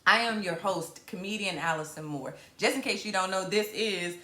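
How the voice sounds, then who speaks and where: A woman comedian from Virginia in her thirties, hosting a casual live stream in a playful, animated way. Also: medium pitch, normal speed. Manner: animated, playful, southern-tinged slang with hype-up exclamations. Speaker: comedian and show host. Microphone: camera mic on a live stream. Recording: roomy echo.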